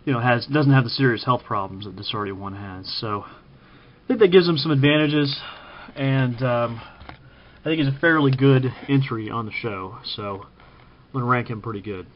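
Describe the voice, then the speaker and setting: A man from Kansas giving casual spoken commentary, halting with frequent ums and self-corrections. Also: medium pitch, highs cut off. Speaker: vlogger ranking TV preppers.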